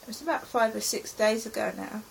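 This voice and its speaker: A middle-aged woman from England recounts her stressful day in an anxious, rambling present tense. Her voice is raspy and gravelly and sits slightly high, with a faint hiss in the background. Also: a little fast, low-quality recording. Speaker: vlogger. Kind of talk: personal diary account.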